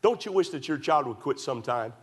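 A man preaching a sermon, emphatic and repetitive, rising to loud pleas and dropping to quiet asides. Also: fairly high pitch, lively intonation, brisk. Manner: emphatic, repetitive, swings between loud pleading and hushed asides. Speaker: pastor.

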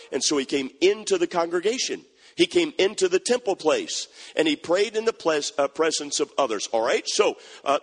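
A man's voice: on the high side, husky, big-room sound. A man preaching a folksy sermon, quoting scripture and repeating key phrases. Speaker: pastor.

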